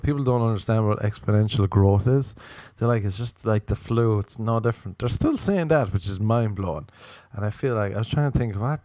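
A man's voice: on the low side, darkish tone, dry recording, studio quality. Sardonic young man ranting on a podcast. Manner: sardonic, swearing, self-mocking. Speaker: podcast host. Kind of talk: solo comedic podcast rant. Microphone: podcast microphone.

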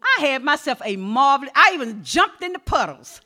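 A middle-aged woman pastor, preaching a sermon that moves between quiet storytelling and shouted exhortation. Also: sits high, sing-song, a little fast.

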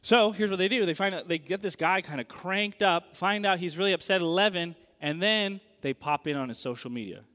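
A man preaching a sermon in a conversational, animated way, often checking in with the audience. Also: high-pitched, brisk, hardly any pauses. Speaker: pastor. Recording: long reverb of a large hall.

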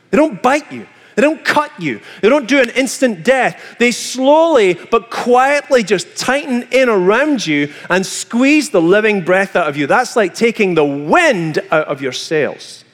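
A man with a high, light voice preaches a lively sermon, slipping into acted-out voices for the people he quotes. His words ring out through a hall with a long reverb trailing behind them. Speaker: pastor.

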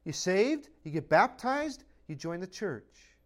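A pastor delivers his sermon in a high male voice, pressing each point with rhetorical questions. His preaching is emphatic and unbending, driving home what he holds as fixed truth. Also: sing-song, slow pace.

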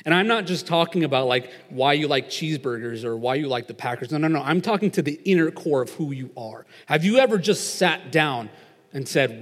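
A young man preaches in a relaxed, chatty way, full of filler words as he tells a story. His voice sits a little on the high side. It rings out with the long echo of a big hall. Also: fairly quick. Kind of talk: casual sermon with storytelling. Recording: long reverb of a large hall.

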